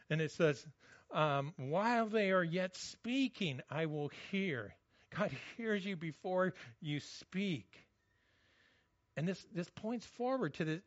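A man's voice: high voice, a bit bright, no room sound, highs cut off. Man preaching a conversational sermon. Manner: conversational preaching with frequent restarts, slowing for scripture. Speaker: pastor.

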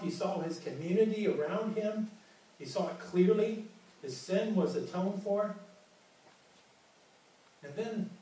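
Earnest pastor in a very echoey hall. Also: male voice, high voice, darkish tone. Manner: earnest, repeats words often. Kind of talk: sermon. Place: large church hall. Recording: very echoey hall, mic from far.

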